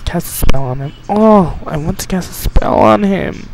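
A man giving excitable, chatty let's play commentary, bossing his game characters around. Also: sits high, moderate pace. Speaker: game streamer. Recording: noisy home recording.

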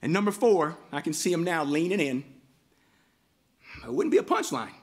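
A man's voice: on the high side, normal speed. A man, a pastor, giving a heartfelt storytelling eulogy at a memorial. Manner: heartfelt, storytelling, breaks into lively voiced quotes.

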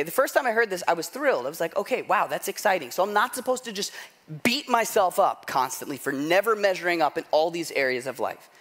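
Delivering a sermon, this middle-aged pastor shares a self-deprecating story in a relaxed, conversational style, frequently tossing in "right?" His voice is high-pitched with a fairly bright tone.

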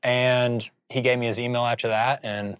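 A man's voice: medium pitch, moderate pace, clear, resonant tone, no room sound. Casual storytelling man in a dry room. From Indiana, USA. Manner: animated storyteller, heavy use of "like". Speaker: interview guest, filmmaker.

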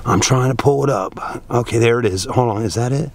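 A man's voice: medium pitch, a little fast, a little hiss or hum. A folksy man with a drawl walks viewers around a car at night, chatting casually and calling them folks. He sounds worn out from a long hot day, speaking in an ordinary mid-range voice, picked up by a camera mic outdoors and then inside the car. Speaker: car reviewer filming at a dealership. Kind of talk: casual walkaround car review.

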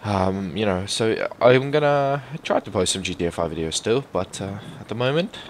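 Excitable man narrating his gameplay, low-voiced. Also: moderate pace, a little hiss or hum. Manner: excitable, swears often, bursts into loud exclamations; rambling, chatty asides to viewers. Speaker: gaming YouTuber. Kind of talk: casual gameplay commentary.

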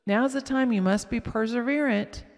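A woman voicing a kind, patient teenage girl babysitter who explains things gently. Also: on the high side, normal speed, voice pushed up, close to an everyday voice. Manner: gently instructive. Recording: long echoing reverb.

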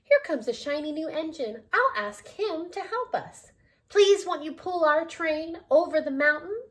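A woman voicing a funny little male toy clown in a storybook, calling out in an excited, pleading way. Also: very high voice, a little slow, pitched above the performer's own voice. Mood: eager.

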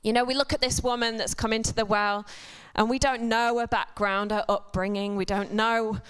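A woman speaking at a church service gives a chatty, conversational sermon to the congregation, full of humorous asides and self-deprecating jokes. Her voice is fairly high, bright and clean, with fairly even intonation and a moderate pace.

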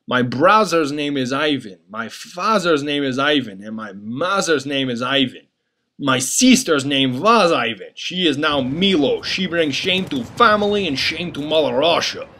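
Man putting on a stereotyped Russian tough guy, exaggerated mock accent, slow and deliberate, swooping up and down. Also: on the high side, animated, pushed and bright, heavily acted. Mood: stern. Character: stern stereotyped Russian man, blunt and proud.

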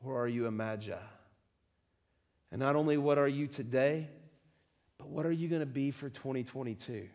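A man preaching a church sermon, full of rhetorical questions, swinging between loud emphasis and quiet, low-key appeals. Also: moderate pace, pauses often. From southern United States. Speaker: pastor. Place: church sanctuary.

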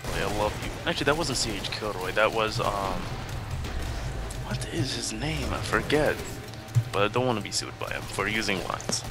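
A man's voice: lowish voice, expressive, moderate pace. A young man playing a game with a friend at home, joking and laughing often. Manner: jokey, laughs often, playful. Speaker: gameplay co-commentator. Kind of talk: casual gaming chat. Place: home, at a computer. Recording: game music clearly heard behind.

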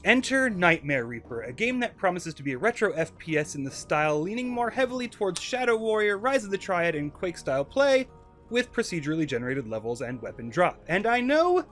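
Sarcastic guy reviewing games, theatrical, bouncy lively voice, bit high. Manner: sardonic, theatrical, mock-grandiose asides. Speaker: game reviewer host. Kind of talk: comedic game review narration.

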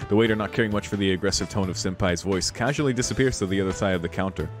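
An American man with a low-pitched voice races through a visual novel, reading it aloud as a let's player. Between the lines he breaks off into swearing and laughing commentary, with music playing behind him.

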